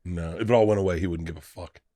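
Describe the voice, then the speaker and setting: A man's voice: low-pitched, rapid-fire, dry recording. A comedian in his fifties chatting as a podcast guest, swearing freely and acting out quotes while he tells stories. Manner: profane, animated storyteller acting out quotes. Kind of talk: casual podcast chat.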